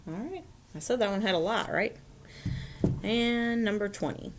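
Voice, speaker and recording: Against some background noise, a woman teacher with a medium-pitched voice speaks at a moderate pace in a recorded phonics lesson for children. She works through it step by step, patiently checking in and often asking "right?".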